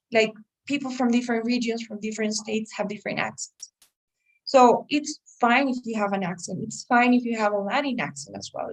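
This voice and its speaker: A woman teaching an English test-prep class, explaining patiently and checking in with her students often. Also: fairly high pitch. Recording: voice a little far from the mic.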